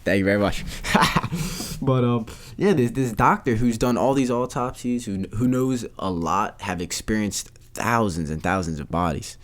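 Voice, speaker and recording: A man's voice: fairly low pitch, a little slow. Rambling incredulous male podcaster. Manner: rambling, repeats phrases, incredulous. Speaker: podcast host. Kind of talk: casual solo podcast rant.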